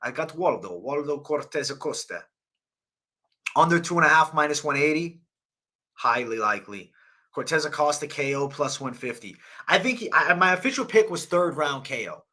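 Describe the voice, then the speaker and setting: A man's voice: fairly high pitch, animated, moderate pace, pushed and bright. A young man hosting a live fight betting breakdown, talking in a casual, profane, slangy way. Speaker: host.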